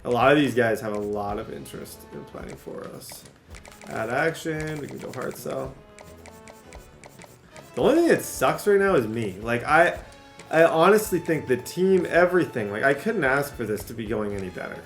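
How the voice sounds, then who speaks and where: A young man giving casual commentary while he plays a football game, rambling and hard on himself, then yelling when a play goes his way. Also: mid-range voice, moderate pace, soft background music. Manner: rambling, self-critical, bursts into excited yelling. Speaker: gaming youtuber.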